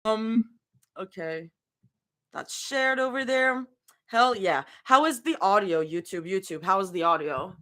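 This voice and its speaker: A woman's voice: mid-range voice, lively intonation, a little slow, a bit bright. A woman reading fanfiction live and chatting with viewers, giggling often and full of casual fillers. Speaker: live-stream fanfiction reader.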